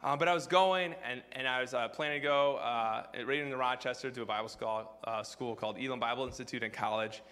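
A man's voice: mid-range voice, a little fast, hardly any pauses, bright, forceful tone, in a large hall. A man preaching a sermon, telling a personal story in a casual, filler-heavy way. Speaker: pastor.

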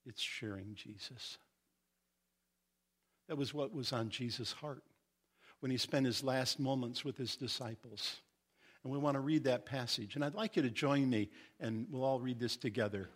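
Man, middle-aged, pastor, sermon, earnest, emphatic teaching, mid-pitched voice. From Indiana. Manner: earnest, teaching, reads scripture slowly and emphatically.

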